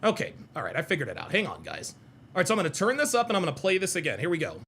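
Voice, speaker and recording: A man's voice: on the high side, wildly swooping pitch, rapid-fire, vocal fry, a bit bright, husky. A man giving casual, profane reaction commentary while playing clips, mocking what he hears. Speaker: reaction streamer.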